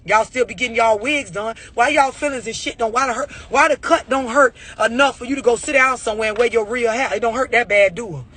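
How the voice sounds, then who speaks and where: A man's voice: very high-pitched, quick pace, hardly any pauses, pushed and bright, slightly rough. A man giving a blunt, profane motivational rant about overreacting, full of rhetorical questions. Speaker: motivational speaker.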